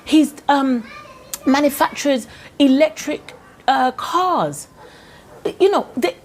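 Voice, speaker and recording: A woman's voice: high-pitched, expressive, slow, slight background noise. A woman from Ghana with a Ghanaian accent, delivering an impassioned, indignant opinion vlog full of rhetorical questions. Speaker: vlogger.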